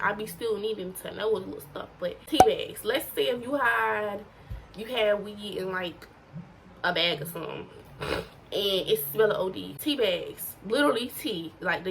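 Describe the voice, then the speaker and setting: A woman's voice: medium pitch, a bit bright, a little hiss or hum, poor audio. A teenage girl giving casual, profane tips to her viewers in a blunt, slangy way. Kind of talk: casual to-camera advice.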